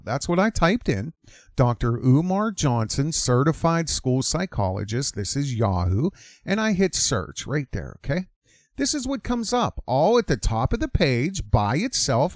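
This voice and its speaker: A man's voice: fairly high pitch, no echo, studio quality. A man hosting an opinionated commentary monologue, emphatic and repeating his lines for effect. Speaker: commentary channel host.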